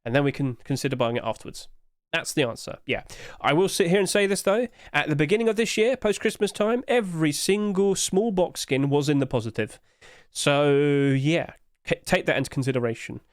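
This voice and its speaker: A man's voice: a little high, lively intonation, a little fast, no echo. Chatty man with a dry close sound. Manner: chatty, hedging, apologetic asides. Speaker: host. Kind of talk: casual commentary.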